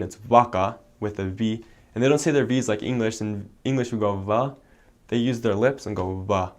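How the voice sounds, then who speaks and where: A young man from the United States, a returned missionary, explaining a language in a relaxed way with many fillers. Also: on the low side. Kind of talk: casual explanation.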